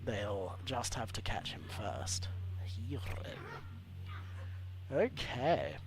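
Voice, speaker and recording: A man's voice: on the low side, very animated, takes it slowly, noisy background. A man hosting a let's play, reading hero bios aloud and joking between them in a chatty way. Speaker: gaming channel host.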